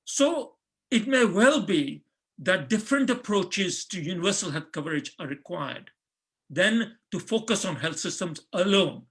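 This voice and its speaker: A man's voice: high-pitched, animated, a little slow, fairly bright tone, breathy edge. A middle-aged man giving a conference talk, earnest and full of fillers and restarts. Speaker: panel speaker.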